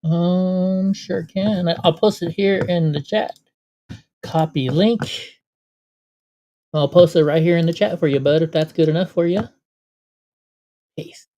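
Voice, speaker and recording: Brief Male livestream host, chatty and exclaiming, relaxed talk to his viewers. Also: fairly high pitch, unhurried, long pauses, highs cut off. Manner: chatty, exclaiming, retells conversations. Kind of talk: casual livestream chat.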